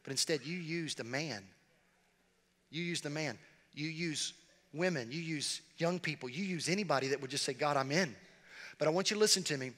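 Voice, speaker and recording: A middle-aged man preaching a sermon as pastor, animated and repeating phrases as he speaks straight to the congregation. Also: on the high side. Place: large church sanctuary. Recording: long reverb of a large hall.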